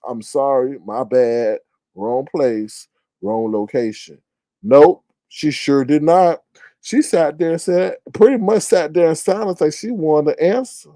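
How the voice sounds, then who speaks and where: Animated slangy man with a dry voice. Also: on the high side, no echo. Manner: animated, slangy, repeats phrases for emphasis. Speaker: commentator. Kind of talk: casual commentary vlog.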